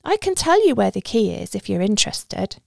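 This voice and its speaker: A woman's voice: medium pitch, sing-song, normal speed, creaky, no echo, clean studio sound. A woman voicing a cheery, helpful woman who runs a cafe, chatty and friendly.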